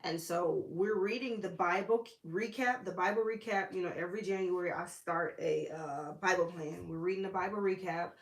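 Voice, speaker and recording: A woman's voice: on the low side, moderate pace, few pauses. Chatty woman teaching Bible, echoey room. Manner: chatty and informal, with slang and asides. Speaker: Bible study host.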